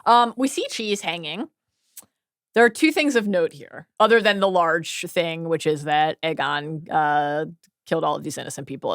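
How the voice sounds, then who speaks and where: A woman's voice: deep voice, no room sound. Dry-sounding playful woman co-host. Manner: animated, playful, reads book passages aloud. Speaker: podcast co-host. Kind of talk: casual recap chat.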